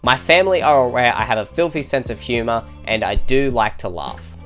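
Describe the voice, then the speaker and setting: A man's voice: medium pitch, animated, fairly quick, a bit bright, soft background music. A man co-hosting a comedy show, reading online posts aloud in a casual way, with laughs and jokey asides. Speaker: co-host reading online stories.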